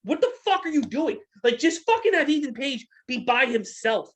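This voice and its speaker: A man's voice: very high-pitched, big pitch swings, moderate pace. A man co-hosting a casual podcast, ranting angrily and profanely, firing repeated questions. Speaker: podcast co-host.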